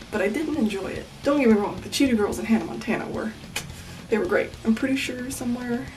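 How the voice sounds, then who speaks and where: Deadpan eighteen-year-old woman, off-mic. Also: fairly high pitch, distant mic, rough recording. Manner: deadpan, self-mocking jokes, drops to whispers. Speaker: vlogger. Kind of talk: casual Q&A vlog. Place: home bedroom at night.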